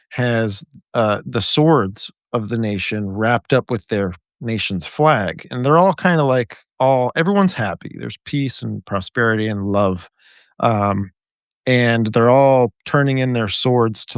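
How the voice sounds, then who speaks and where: A man's voice: lowish voice, no room sound, clean studio sound. A man hosting a podcast over a video call, rambling and speculative as he talks. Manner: rambling and speculative, many fillers and restarts. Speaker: podcast host. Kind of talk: casual conversation on a podcast.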